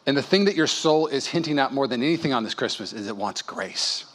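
A male pastor preaching a sermon at a church service, telling stories and acting out voices with lively energy. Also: medium pitch, fairly quick. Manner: animated storytelling, acts out dialogue.

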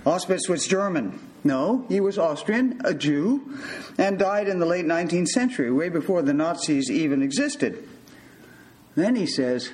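An older man, a physician, telling a personal story from his hospital days in a measured, wry way. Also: a little high, lively intonation, a little mellow, poor audio.

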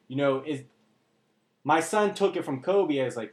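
A man's voice: mid-range voice, fast talker. A man talking candidly and emotionally on a podcast, blunt and earnest, swearing freely. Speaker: podcast co-host. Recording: roomy echo.

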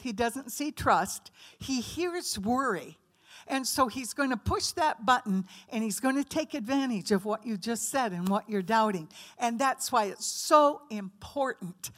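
A women's ministry speaker with a high, somewhat bright voice gives a conversational teaching sermon to a women's group, asking the audience questions and acting out quoted voices.

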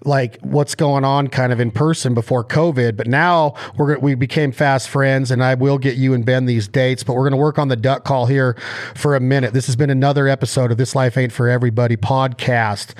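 An energetic male podcast host with a middle-pitched voice who rattles along quickly and often cuts in over his guest. He gives hands-on, coaching instructions in a casual, excited chat. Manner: energetic, talks fast and over people.

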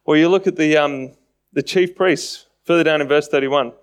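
A man's voice: fairly high pitch, moderate pace, smooth. A man preaching a sermon in a conversational way, often acting out mocking voices.

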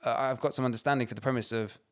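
A man's voice: medium pitch, fairly even intonation, very fast. A man co-hosting a podcast, talking politics in a heated, emphatic way and swearing freely. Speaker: podcast co-host. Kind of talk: casual political chat.

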